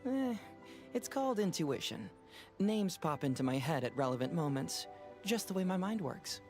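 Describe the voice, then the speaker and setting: A man's voice: a little high, sing-song, moderate pace. An actor playing a sly, self-assured young male detective with a wry way of talking, over game music. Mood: smug.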